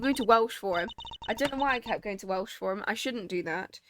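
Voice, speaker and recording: A woman's voice: mid-range voice, brisk. Chatty woman streamer with self-mocking asides. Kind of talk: casual game commentary. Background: faint game music.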